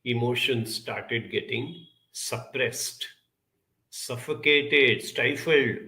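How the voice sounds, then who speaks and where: A middle-aged man talks earnestly to his listeners, with a bright, forceful voice. He tells his story and draws a lesson from it. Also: medium pitch, extremely slow. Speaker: speaker. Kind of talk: reflective talk with a personal story.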